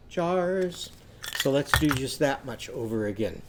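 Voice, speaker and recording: A man's voice: mid-range voice, lively intonation, measured pace, a bit bright, a little hiss or hum. A man teaching a children's literacy lesson, patiently talking students through hand gestures.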